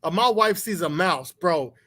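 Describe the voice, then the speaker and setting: High-voiced animated man telling stories. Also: unhurried. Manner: animated storytelling, mimics others in high voice; profane, blunt. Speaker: podcast co-host. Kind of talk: casual chat.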